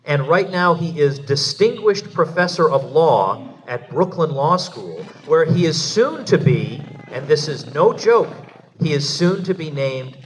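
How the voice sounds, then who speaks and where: A man's voice: fairly high pitch, lively intonation, a little slow. A man acting as master of ceremonies, giving a formal stage introduction in an event hall and building up to announcing the speaker's name. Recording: distant mic with loud crowd and noise.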